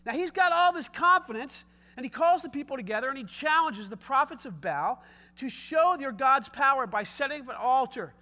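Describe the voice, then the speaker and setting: A man preaching a sermon, retelling a scripture story with lively, casual asides. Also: very high-pitched, normal speed.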